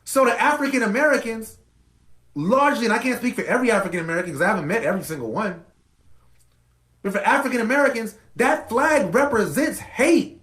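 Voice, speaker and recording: A man's voice: very high-pitched, a bit bright, roomy sound, low-quality recording. A man hosting a podcast, delivering an impassioned commentary monologue with emphatic repetition. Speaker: podcast host.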